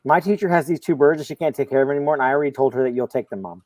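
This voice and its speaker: A middle-aged man on a video call, a comics show panelist, telling a long personal story in casual chat with lively quoting. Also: medium pitch, rapid-fire, no room sound, low-quality recording. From Florida, USA. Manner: storytelling, animated, quotes others.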